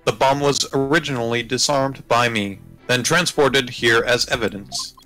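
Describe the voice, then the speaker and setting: A man voicing a stiff male bomb-squad witness, reading in a flat, clipped robotic way. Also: mid-range voice, normal speed, faint music behind, lightly acted, rough recording. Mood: deadpan. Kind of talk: reading a game script aloud.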